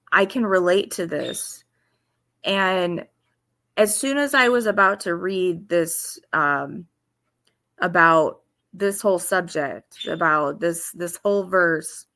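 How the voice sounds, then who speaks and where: Woman, earnest devotional talk, halting with restarts, slow unhurried delivery. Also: fairly low pitch, pushed and bright. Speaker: faith video host. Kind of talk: informal devotional teaching.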